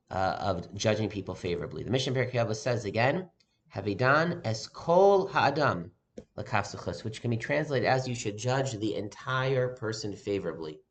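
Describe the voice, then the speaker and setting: A man, a rabbi, giving a sermon in a measured way, with frequent "uh" pauses. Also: mid-range voice.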